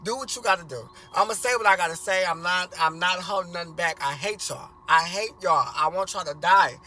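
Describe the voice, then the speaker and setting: A man's voice: high voice, level tone, fast, faint music behind. A man voicing a furious cursing teenage son. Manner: shouting, defiant, profane.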